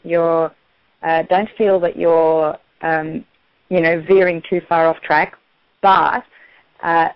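A woman's voice: low-pitched, level tone, takes it slowly, smooth, dry recording, highs cut off. A woman from Australia with an Australian accent, an enthusiastic and reassuring guest on a radio call-in show. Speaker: guest, intuitive guide.

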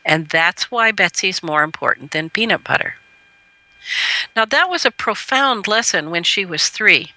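A middle-aged woman, a parenting educator, telling a personal story as a radio interview guest in an earnest, gentle way. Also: expressive, unhurried, poor audio. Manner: earnest, gentle storyteller who lifts her pitch when quoting.

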